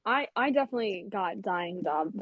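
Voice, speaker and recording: A woman's voice: mid-range voice, animated, moderate pace, a bit bright, husky, no echo. A woman co-hosting and judging with a playful, joking manner in casual chat. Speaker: co-host and judge.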